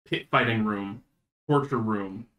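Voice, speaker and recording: A man running a tabletop game as game master, describing scenes in a relaxed, casual way with lots of fillers. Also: on the low side, measured pace. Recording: roomy echo.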